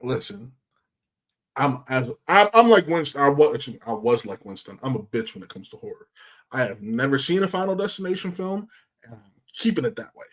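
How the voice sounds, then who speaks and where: A man's voice: medium pitch, big pitch swings, normal speed, a bit bright. Joking man co-hosting a stream. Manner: joking interjections. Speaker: co-host. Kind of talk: casual livestream chat.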